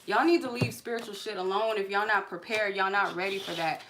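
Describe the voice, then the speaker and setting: A woman's voice: mid-range voice, fairly even intonation, a little fast, hardly any pauses, fairly bright tone. Furious profane woman ranting on a live stream. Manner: angry, profane, confrontational. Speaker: tarot card reader and channel host. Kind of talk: live stream rant at a viewer. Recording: clear background noise.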